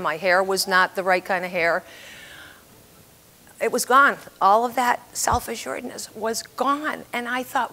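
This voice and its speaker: A woman in her seventies giving a storytelling talk about writing, lively and laughing at her own stories as she acts out the people in them. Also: mid-range voice. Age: 70s.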